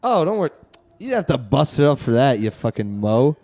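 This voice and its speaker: A man's voice: medium pitch, sing-song, a little fast, a little mellow, slight background noise. A man hosting a podcast from his apartment, chatting casually, laughing often and swearing freely. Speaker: podcast host. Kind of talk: casual chat.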